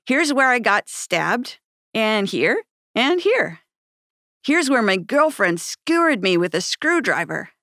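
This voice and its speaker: A woman's voice: fairly high pitch, big pitch swings, slow pace, pushed and bright, no room sound, studio quality, heavily acted. A woman doing a blunt young street kid. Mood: offhand. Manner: blunt, casual talk. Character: streetwise young male ex-gang member.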